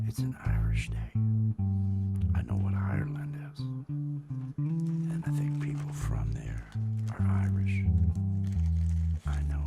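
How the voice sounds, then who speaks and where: A man hosting a casual comedic livestream, murmuring asides and then greeting viewers loudly and cheerfully. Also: very deep voice. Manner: mumbled whispering asides before the show; loud upbeat show greeting. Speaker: livestream host.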